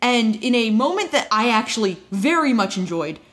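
A woman's voice: on the high side, sing-song, a bit bright. Chatty woman recapping with wry asides. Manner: chatty, wry asides, quick quoted voices. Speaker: podcast co-host recapping a TV episode. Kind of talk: casual recap chat.

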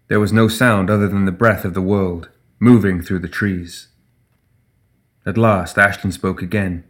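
A man reading fantasy fiction aloud in an audiobook. His voice sits on the low side, and his delivery stays steady and measured. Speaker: audiobook narrator. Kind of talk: scripted fantasy narration.

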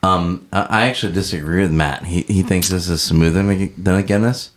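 A man's voice: sits low, fairly quick. A man co-hosting a casual podcast chat, joking and teasing his friends. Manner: jokey, teasing, animated. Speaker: podcast co-host.

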